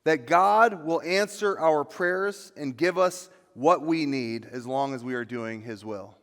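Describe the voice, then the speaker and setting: A man preaches a sermon in a church, his somewhat high voice carrying a long reverb through the sanctuary. He presses hard on key lines, climbing louder and higher at his peaks. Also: measured pace. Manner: rises to loud, high emphatic preaching on dramatic lines. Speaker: pastor.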